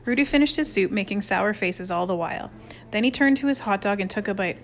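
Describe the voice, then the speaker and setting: A woman reading a children's novel aloud as an audiobook narrator, in a lively storytelling manner. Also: mid-range voice, fairly quick. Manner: lively storytelling with varied character voices. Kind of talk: scripted narration.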